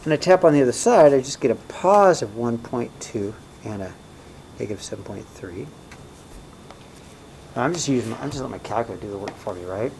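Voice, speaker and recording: A man's voice: medium pitch, expressive, fairly quick, creaky, pauses often. Casual male math teacher, faint hiss. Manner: casual, checks in often with "right?" and "okay?". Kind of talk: recorded math lesson.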